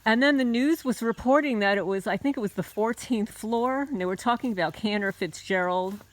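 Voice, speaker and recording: A woman's voice: a little high, brisk, dry recording. A middle-aged woman from the United States, hosting her own channel, tells a personal story in a loose, conversational way, full of fillers and restarts. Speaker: homesteading channel host.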